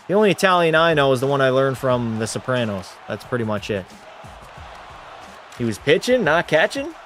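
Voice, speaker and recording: A man's voice: mid-range voice, lively intonation, fairly quick, soft background music. A man hosting a livestream watch party, giving casual commentary and joking, swearing, and bantering with his chat. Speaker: livestream host.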